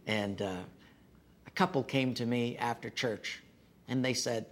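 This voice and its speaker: A man's voice: mid-range voice, steady tone, measured pace, long pauses. A middle-aged male pastor preaching a sermon, telling a personal story with folksy, self-deprecating humor.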